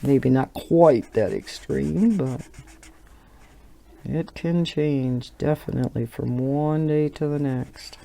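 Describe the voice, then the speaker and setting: Middle-aged woman from Wisconsin with a local accent, relaxed drawn-out chat, soft mellow voice, laughs easily. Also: a bass voice, gravelly. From Wisconsin, USA. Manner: chatty, rambling, laughs often. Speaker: coloring channel host. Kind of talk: casual chat while coloring.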